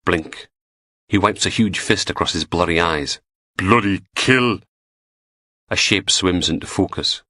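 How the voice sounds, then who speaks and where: A man with a very deep voice reads an audiobook in steady, measured scripted narration. He is recorded close and completely dry, with no room sound. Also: no room sound.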